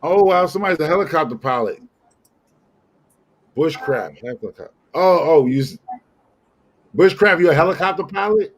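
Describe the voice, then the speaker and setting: Animated joking American man. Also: a little high, moderate pace, long pauses. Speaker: co-host. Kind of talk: casual livestream chat.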